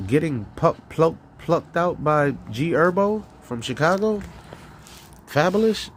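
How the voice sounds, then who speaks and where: On his own live stream, a New Yorker rants profanely and spins stories, stumbling and restarting as he goes. His voice sits on the high side, and there's a little hiss or hum in the audio.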